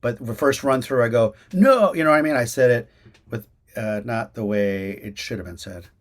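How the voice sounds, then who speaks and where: Animated man with a restless delivery. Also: mid-range voice, brisk. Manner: animated, many restarts and fillers. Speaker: actor and acting teacher. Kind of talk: casual interview answers.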